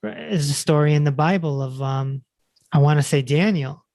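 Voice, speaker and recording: A man hosting a podcast, talking in a relaxed, reflective way and chatting casually with his guest. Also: a little high, moderate pace, creaky, no echo. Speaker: podcast host.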